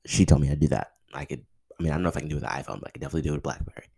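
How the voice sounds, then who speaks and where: Male podcast host, very low and gravelly, excitable, stammering, profane. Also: racing. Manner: excitable, stammering, swears a lot. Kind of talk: casual podcast monologue.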